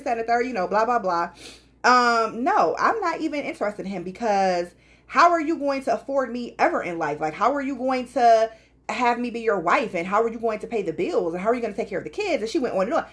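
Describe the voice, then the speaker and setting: Animated woman with lively pitch. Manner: animated storytelling, quotes others with voices, laughs often. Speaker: podcast co-host. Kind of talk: casual chat.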